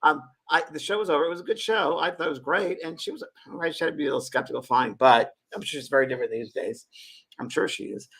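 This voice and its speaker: A man's voice: on the high side, fast, creaky, husky. A middle-aged man, a medium, telling stories in a casual chat and acting out the voices of the people he quotes. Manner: animated, acts out quoted voices, laughs often. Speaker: medium and show co-host.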